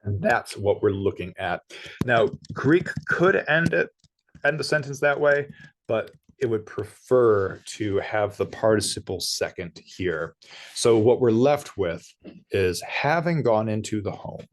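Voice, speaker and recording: A man's voice: fairly low pitch, animated, unhurried. A man teaching ancient Greek, working methodically through a grammar exercise and correcting himself as he goes. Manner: methodical, explanatory, self-correcting.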